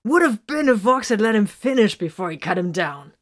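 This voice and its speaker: Brief: woman reading as a crude, mocking soldier, loud, storybook. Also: mid-range voice, big pitch swings, brisk, voice pushed up, close to an everyday voice. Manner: loud, provocative teasing. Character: crude, teasing male soldier.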